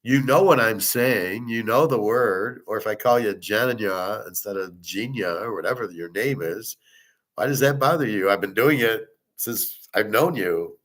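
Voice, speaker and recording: Middle-aged male host, low voice, blunt and profane casual monologue. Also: a little slow, fairly bright tone.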